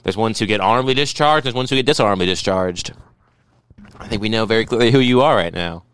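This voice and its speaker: A man with a smooth, resonant voice teasing his co-host in casual podcast banter. He keeps a laughing, mock-sincere tone throughout. The sound is dry and close. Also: fairly low pitch, fast talker, fairly bright tone, dry recording.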